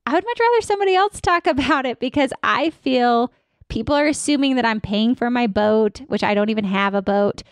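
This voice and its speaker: A woman's voice: fairly high pitch, lively intonation, a little fast, no room sound. A woman consultant in her thirties, a podcast guest talking energetically and acting out staff and patient lines. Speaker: dental practice consultant.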